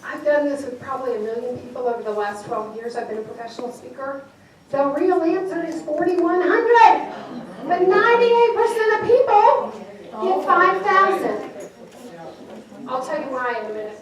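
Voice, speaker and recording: A professional speaker whose voice sits high gives a playful motivational talk at normal speed, sounding animated as she quizzes a live audience with questions in a large event hall. The recording is noisy and echoey, with a distant mic.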